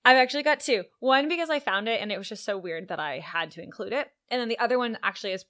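A woman's voice: mid-range voice, lively intonation, fast talker, fairly bright tone. A woman co-hosting a book podcast, laying out background facts in an orderly, friendly chat. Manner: presents researched facts in an orderly way. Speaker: podcast co-host. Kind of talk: casual chat.

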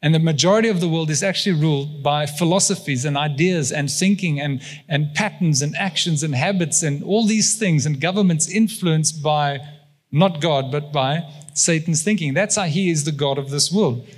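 A man's voice: on the high side, moderate pace, in a large hall. A South African man preaching a sermon as pastor, emphatic, tossing questions to the congregation. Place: church hall.

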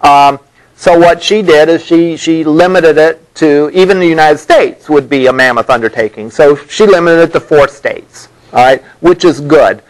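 A college instructor, a man with a fairly high voice, lectures at a normal speed in a loose, conversational way, full of fillers and side stories. The sound is rough, picked up by a microphone he wears.

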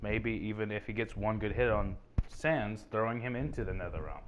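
Young male co-host, lowish voice, loose rambling debate delivery. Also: moderate pace, slight background noise. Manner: rambling, restarts and stammers when excited. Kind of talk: casual fan debate chat.

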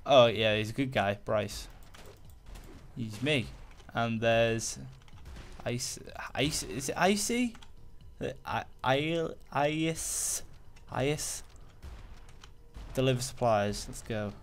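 A man's voice: mid-range voice, extremely slow, long pauses, a little hiss or hum. Rambling man commentating a game. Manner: rambling, full of fillers and restarts, easily excited. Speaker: gaming channel host. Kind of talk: casual let's-play commentary.

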